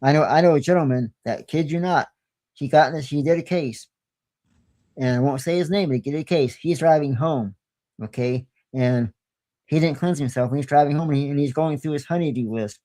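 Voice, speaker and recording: A man's voice: a little high, brisk, warm tone. A man guest on a podcast, telling stories in a folksy way, often repeating himself. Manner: folksy storyteller, repeats himself, clears his throat. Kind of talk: casual podcast chat.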